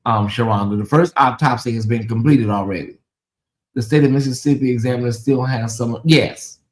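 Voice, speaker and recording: A man's voice: medium pitch, moderate pace, a little hiss or hum. A man with a Southern US accent hosting a casual livestream, talking straight to his viewers and reading out and answering their chat. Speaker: livestream host.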